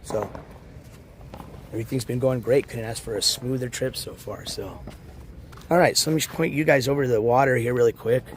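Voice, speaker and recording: A man with a raspy, worn-out voice talks into his phone on a morning walk outdoors, rambling casually and greeting viewers in chat. His voice sits at an ordinary middle pitch, and a faint outdoor hiss runs behind him. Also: a little fast, long pauses. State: hoarse, losing his voice. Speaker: IRL livestreamer. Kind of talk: casual live-stream chat.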